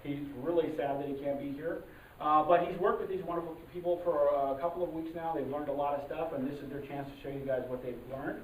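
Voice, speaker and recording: A member of an improv troupe warming up a live audience, talking haltingly with many fillers and restarts and loudly calling out cues to the crowd. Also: medium pitch, fairly even intonation, a little hiss or hum. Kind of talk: live audience warm-up talk. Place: live show venue. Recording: distant, roomy, muffled live recording. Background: audience ambience.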